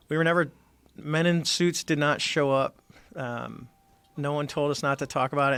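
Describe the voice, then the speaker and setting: Middle-aged man, gravelly voice, dry studio sound, animated storyteller, podcast guest. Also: medium pitch, no echo. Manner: animated storyteller acting out quoted dialogue. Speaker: podcast guest, former Navy squadron commander. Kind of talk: casual storytelling interview.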